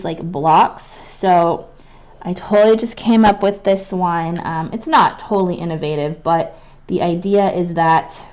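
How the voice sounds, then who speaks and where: A calligraphy instructor gives a live online lesson, her voice medium in pitch and a little mellow. She demonstrates while writing, chatting and thinking aloud with lots of fillers and restarts.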